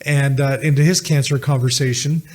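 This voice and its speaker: A man's voice: mid-range voice, fairly even intonation, brisk, a little mellow. A man, telling a personal story as a podcast guest, earnestly retelling conversations. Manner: earnest, retells dialogue with many "he said" asides.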